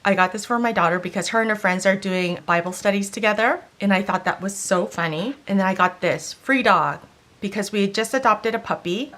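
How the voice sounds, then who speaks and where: A middle-aged woman talking through a stationery haul in a casual, chatty way that turns emotional and excitable. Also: mid-range voice. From Korean. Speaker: stationery vlogger. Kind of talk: casual show-and-tell haul.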